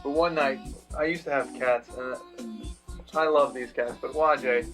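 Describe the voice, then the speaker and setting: A man's voice: medium pitch, a little slow, fairly bright tone, soft background music. A man co-hosting a review show in casual, easygoing chat.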